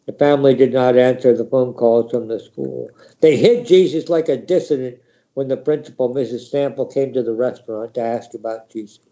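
A man reading a story aloud in a measured, wry spoken-word style, quoting the characters dramatically. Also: mid-range voice, steady tone, dark tone, muffled recording. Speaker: reader.

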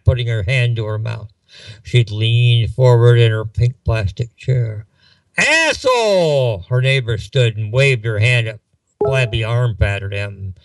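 A man's voice: mid-range voice, no echo, far from the mic, low-quality recording. A man hosting a talk radio show, reading a story aloud and closing with a wry mock-news sign-off.

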